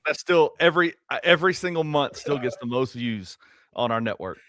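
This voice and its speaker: A man co-hosting a casual sports-show chat, throwing in animated, quick interjections. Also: mid-range voice, dry recording. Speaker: co-host.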